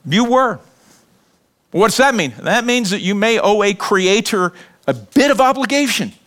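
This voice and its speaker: A middle-aged man preaching a sermon in a conversational, animated way, joking and acting out little scenes. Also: high voice, unhurried. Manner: animated, conversational preaching with laughs and acted quotes. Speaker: pastor.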